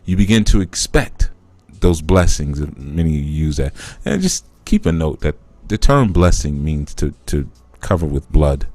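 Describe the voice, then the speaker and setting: A man's voice: very deep voice, expressive, measured pace, a little mellow, no room sound. A man hosting a live spiritual teaching talk, explaining through a conversational parable that he acts out.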